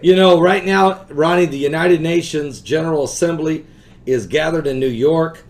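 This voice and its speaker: A man's voice: fairly high pitch, moderate pace. A man hosting a talk show, asking his guest earnest, emphatic questions. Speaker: host.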